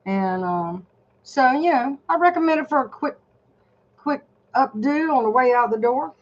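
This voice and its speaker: A woman's voice: sits high, animated, normal speed, highs cut off. An older woman vlogging a casual product review from her home desk, chatty and rambling as she talks straight to her viewers.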